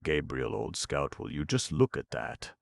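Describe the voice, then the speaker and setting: Man doing a gravelly raving old tramp preacher. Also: very deep voice, very animated, a little slow, dry recording, full character voice. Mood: prophesying. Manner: sing-song, mumbling then shouting. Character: rambling old male tramp preacher, half-mad.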